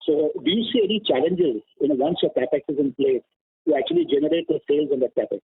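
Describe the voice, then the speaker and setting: A man, an analyst, asking questions on an earnings call, lively, with many fillers. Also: a little high, fast, husky, no room sound. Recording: dry tinny phone line.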